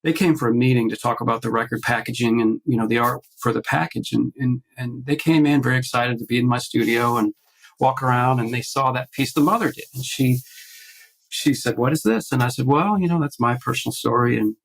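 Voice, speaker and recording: Over a low-quality recording, a male artist with a creaky, mid-range voice talks briskly as a podcast guest on a video call. His casual personal story is delivered animatedly, with the voices acted out and frequent false starts.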